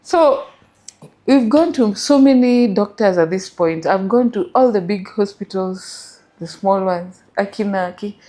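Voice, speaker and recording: A woman's voice: medium pitch, expressive, unhurried, dark tone. A middle-aged woman with a Kenyan accent, telling her story as an interview guest and mixing English with Swahili.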